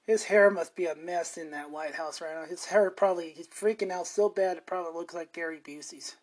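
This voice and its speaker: A woman's voice: on the low side, fairly quick, darkish tone. Woman ranting casually on a podcast. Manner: chatty, meandering, self-interrupting. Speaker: podcast host.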